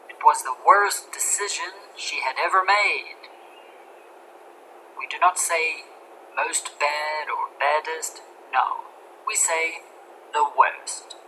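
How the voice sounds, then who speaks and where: A woman reads a scripted grammar lesson in a low-set voice, slow and deliberate. She spells out letters one by one, and faint noise sits behind her. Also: sharp tone, low-quality recording. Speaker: English grammar narrator.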